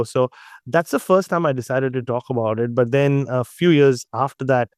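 Man, smooth voice. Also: medium pitch, no echo, clean studio sound. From India. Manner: halting, with many restarts and fillers. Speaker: interview guest, cricket journalist. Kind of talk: candid personal storytelling in an interview.

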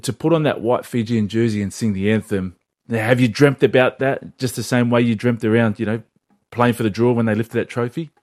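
A man's voice: mid-range voice, a little fast, a little mellow, no room sound, studio quality. A man hosting a sports show, chatting casually and laughing easily. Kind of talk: casual radio chat.

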